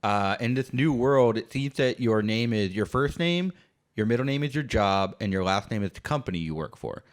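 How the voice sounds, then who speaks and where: Relaxed man hosting a gaming chat. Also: mid-range voice, normal speed. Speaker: host. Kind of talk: casual chat while gaming.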